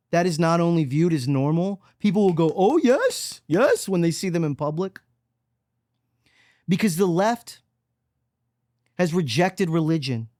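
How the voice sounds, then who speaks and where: A man hosting a solo podcast monologue, preachy and emphatic, swinging between loud mockery and low, quiet intensity. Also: no room sound, studio quality. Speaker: podcast host.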